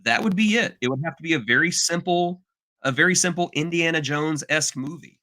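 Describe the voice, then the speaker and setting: A man co-hosting a podcast in casual, animated chat, exaggerating and slipping into mock voices. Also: a little high, brisk. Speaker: podcast co-host.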